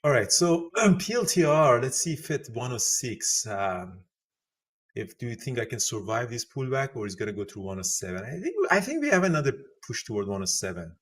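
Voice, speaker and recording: A man hosting a live trading show, giving excitable market commentary and thinking aloud. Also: mid-range voice, fairly quick.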